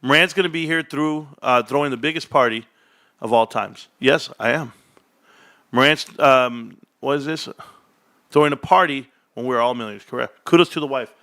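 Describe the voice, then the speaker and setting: A man hosting a casual livestream, reading chat aloud and joking, with sudden loud, high-pitched bursts. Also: normal speed, no room sound, studio quality. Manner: animated, jokey, swings into loud high bursts.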